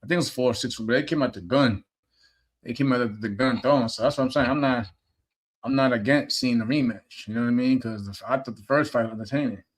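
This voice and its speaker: A man's voice: mid-range voice, fast talker, breathy edge. A man co-hosting a podcast, chatting casually in an easygoing way with lots of filler phrases. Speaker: podcast co-host.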